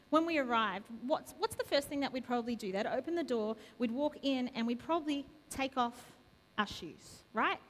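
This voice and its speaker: A woman preaching a sermon in a church, asking the congregation a string of repeated questions. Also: high voice. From Australia. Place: church sanctuary. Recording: long reverb of a church hall.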